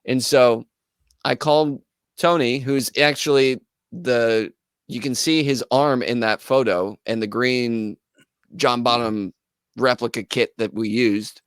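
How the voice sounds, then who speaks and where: A man, a guest musician, telling a story in a casual, animated way and acting out the people in it. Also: medium pitch, slow, clear, resonant tone, no echo, clean studio sound. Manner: animated, acts out quoted voices. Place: podcast studio.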